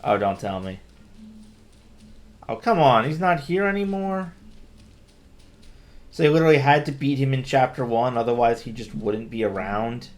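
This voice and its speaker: A man's voice: mid-range voice, animated, normal speed, pauses often. A man giving casual let's-play commentary, thinking aloud and grumbling wryly at the game. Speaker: gameplay commentator.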